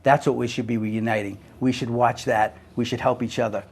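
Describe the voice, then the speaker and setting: Older man, from the United States, earnest monologue, emphatic, mid-pitched voice. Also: fairly even intonation, fairly quick. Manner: emphatic, earnest, swings between forceful and hushed. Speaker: speaker. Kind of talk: impassioned personal monologue.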